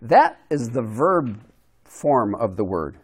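A man's voice: mid-range voice, sing-song, slow pace, slightly rough. A man giving a conversational Bible lesson to a group, asking them questions and restarting his sentences as he thinks aloud. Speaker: Bible teacher.

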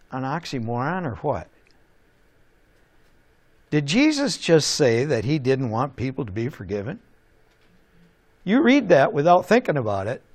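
A man preaching a sermon in an animated way, asking rhetorical questions and chuckling now and then. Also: fairly high pitch.

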